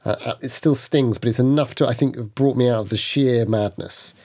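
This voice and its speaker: A man playing a tabletop horror game, describing his character in a halting, stammering first-person way. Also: medium pitch, dark tone, slightly rough. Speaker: player.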